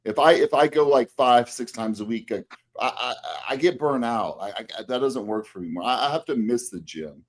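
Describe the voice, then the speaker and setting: A man's voice: mid-range voice, a little fast. A middle-aged man and fitness coach, co-hosting a casual podcast chat, rambling with many fillers and restarts.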